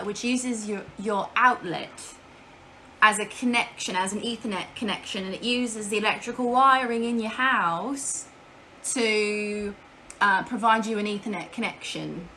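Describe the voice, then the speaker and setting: Woman streamer, chatty and loose, swears offhand, bright, forceful voice. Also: medium pitch, measured pace, a little hiss or hum. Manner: chatty, swears casually, answers chat aloud. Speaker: live streamer. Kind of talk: casual live-stream chat. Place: at home.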